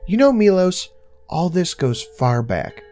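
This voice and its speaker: A man's voice: sits high, very animated, a little slow, warm tone, soft background music, pitched above the performer's own voice. Man doing an eerie taunting childlike woman. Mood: menacing. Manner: mocking, menacing.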